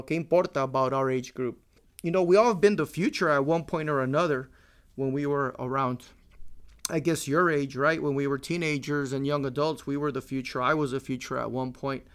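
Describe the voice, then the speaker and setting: A man's voice: fairly high pitch, steady tone, a little fast, a bit bright, clean tone. A man in his forties hosting a casual solo podcast, joking and swearing freely, dropping in Spanish words. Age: 40s. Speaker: podcast host.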